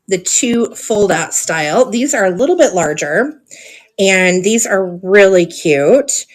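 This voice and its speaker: A woman's voice: mid-range voice, animated, takes it slowly. A woman hosting a live online auction stream, chatty and gushing, with frequent ums as she shows items. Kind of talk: live sale stream chat.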